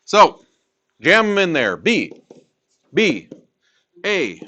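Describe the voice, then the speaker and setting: Animated, unhurried male math teacher. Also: sits high. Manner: emphatic, repeats key points to students. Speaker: high school math teacher. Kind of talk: classroom lecture. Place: classroom.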